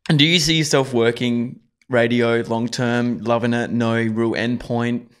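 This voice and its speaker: A man hosting a podcast, casual and curious, who fills in with short interjections and asks easygoing questions. His voice sits in a middle pitch. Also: steady tone, a little slow, a bit bright, clear, resonant tone. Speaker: podcast host.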